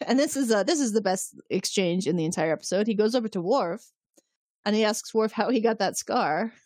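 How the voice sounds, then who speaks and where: A woman's voice: medium pitch, fairly quick, no echo. A woman co-hosting a podcast, casually recapping a TV episode and acting out the characters' lines with laughs. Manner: animated retelling, acts out lines with laughs. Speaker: podcast co-host.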